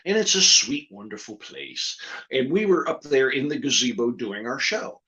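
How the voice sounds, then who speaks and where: Lively man telling a comic story. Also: mid-range voice, moderate pace. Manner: lively storyteller, repeats lines for comic effect. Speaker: ventriloquist. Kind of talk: storytelling in a chat. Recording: slightly dull lo-fi audio.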